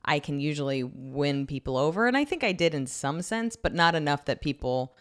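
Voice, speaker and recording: A woman from New Jersey, a comedian chatting casually as a podcast guest, telling stories in a loud, animated way. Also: low-pitched, fairly quick.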